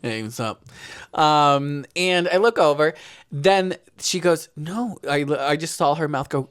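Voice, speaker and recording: A playful podcast co-host telling a story in a casual chat. The voice sits mid-pitch but swings widely. The delivery is loose and full of asides. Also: animated, measured pace, a bit bright, clean tone.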